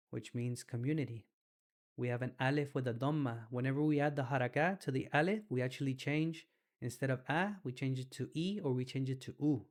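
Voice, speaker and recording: A young adult man giving a casual Arabic lesson, relaxed and slangy, stretching out sounds slowly to demonstrate pronunciation. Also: medium pitch. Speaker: Arabic teacher.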